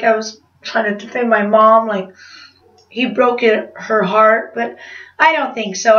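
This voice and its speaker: A woman's voice: on the high side, a bit bright. A woman vlogger telling a rambling confessional story in a chatty way, laughing at herself. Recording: roomy, distant, slightly dull sound.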